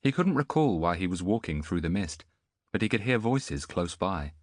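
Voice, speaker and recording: Male audiobook narrator, very low voice, lively expressive storytelling, dry close recording. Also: normal speed, dry recording. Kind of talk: scripted narration.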